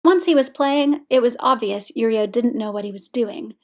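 A woman reading a story aloud in steady, scripted narration. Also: fairly high pitch, normal speed. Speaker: audiobook reader.

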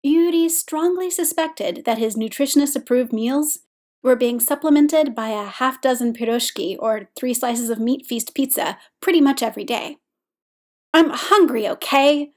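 Brief: woman audiobook reader, a touch high, steady pace. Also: moderate pace. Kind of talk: scripted narration.

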